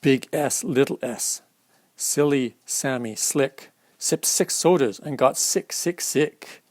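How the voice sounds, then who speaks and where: Reading slowly in a medium-pitched voice with no echo, a storytime reader goes through a children's alphabet picture book and breaks off to explain the pictures to the young audience.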